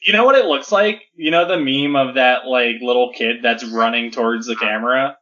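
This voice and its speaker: A man chatting on a podcast about a comic, chatty and quick to laugh, with frequent uh fillers. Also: medium pitch, bright, forceful tone. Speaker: podcast co-host or guest. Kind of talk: casual chat about a comic. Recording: dull lo-fi sound.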